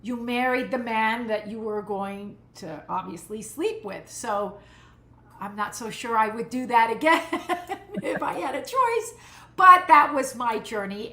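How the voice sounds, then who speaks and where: A woman in her sixties, a guest telling funny stories with animated, laughing energy. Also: on the high side, normal speed. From United States, Cuban community. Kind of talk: casual interview chat. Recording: roomy echo.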